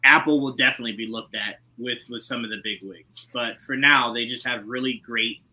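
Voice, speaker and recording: A man's voice: mid-range voice, fairly even intonation, fairly quick, sharp tone. A man co-hosting a casual podcast chat, teasing his friends and talking emphatically about shows and actors. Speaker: podcast co-host.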